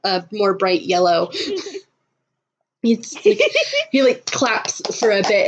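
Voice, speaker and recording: A woman's voice: medium pitch, big pitch swings, slow pace, long pauses, background noise. A woman narrating her character in a casual tabletop roleplay, hesitant and full of fillers. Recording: dull lo-fi recording.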